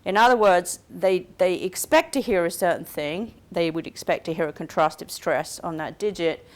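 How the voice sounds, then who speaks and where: Woman lecturer, lowish voice, careful step-by-step explainer. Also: normal speed. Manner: explains carefully, checks in with "okay?" and "right?". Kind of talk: recorded university lecture.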